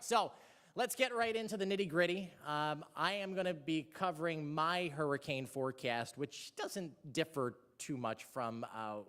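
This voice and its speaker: Man, mid pitch, seminar presenter, upbeat with many ums and restarts, long hall reverb. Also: a bit bright. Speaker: seminar organizer and meteorologist. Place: seminar room before an audience.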